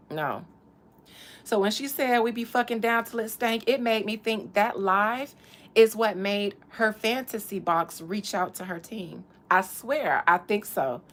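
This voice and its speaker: A woman's voice: mid-range voice, fairly bright tone. A woman hosting a podcast, chatting in a casual, profane, comedic way and laughing often. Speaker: podcast host.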